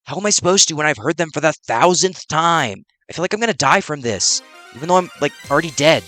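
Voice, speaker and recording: Man voicing a pun-loving dead girl, teasing, lively pitch, faint music behind. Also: fast. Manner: playful, teasing joke delivery. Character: cheerful pun-loving dead young woman. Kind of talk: voicing game dialogue.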